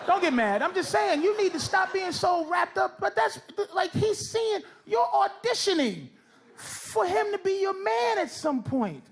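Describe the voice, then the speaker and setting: A man's voice: very high voice, big pitch swings, measured pace, vocal fry. A man doing stand-up in a comedy club, brashly mocking audience members with profane crowd work. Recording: loud crowd laughter, club noise.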